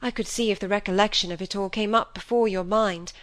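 A woman's voice: mid-range voice, steady tone, brisk, fairly bright tone, close to an everyday voice. A woman reading an audiobook, voicing a wilful, proud young woman who talks with bitter passion. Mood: defiant. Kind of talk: audiobook character voice.

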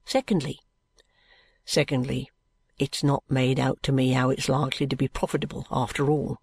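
A woman reading aloud and voicing a wary young man who speaks gravely in a low hush. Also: flat delivery, normal speed, no room sound, full character voice.

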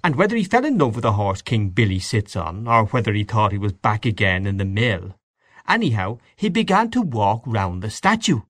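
Guy as a wry gent spinning a tale, mock-grand, lowish voice, lively, dry sound. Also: moderate pace, dry recording. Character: genial storytelling gentleman, a man.

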